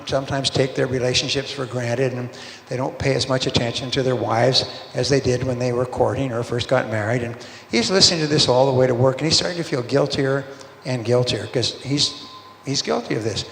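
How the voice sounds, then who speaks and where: A man's voice: mid-range voice, fairly quick, gravelly, fairly bright tone, slight background noise. A man giving a motivational sales seminar talk, telling stories and acting out bits of dialogue in quoted voices. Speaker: sales speaker. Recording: roomy hall reverb, faint ambience.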